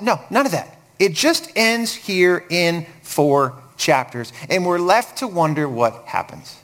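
A male preacher giving a sermon, retelling a Bible story in an animated, explanatory way. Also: sits high, a little slow.

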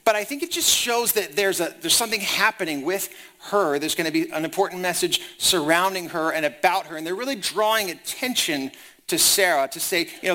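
Animated, high-voiced male preacher. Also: fairly quick. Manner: animated, conversational storytelling. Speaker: pastor. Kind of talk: sermon.

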